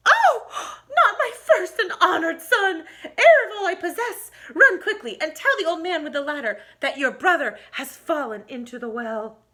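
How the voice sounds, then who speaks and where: A woman's voice: high voice, big pitch swings, moderate pace, pushed and bright, pitched above the performer's own voice, full character voice. A woman doing a stern scolding mother. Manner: scolding, formal. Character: stern impatient mother, formal and sharp.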